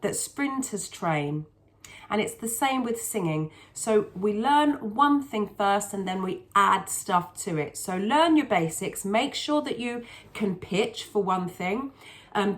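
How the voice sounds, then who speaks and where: A woman vocal coach explaining singing technique in a chatty, patient way, often restarting her sentences. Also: medium pitch.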